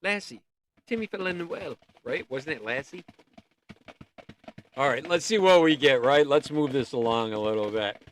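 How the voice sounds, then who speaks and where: A man's voice: mid-range voice, moderate pace, pauses often, a little hiss or hum. A man hosting a casual art livestream, rambling and easily sidetracked, breaking off to sing bits of songs. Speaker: livestream host.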